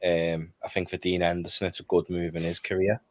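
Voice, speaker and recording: A man on a casual panel chat, measured, repeating his points. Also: low-pitched, flat delivery, darkish tone, no room sound.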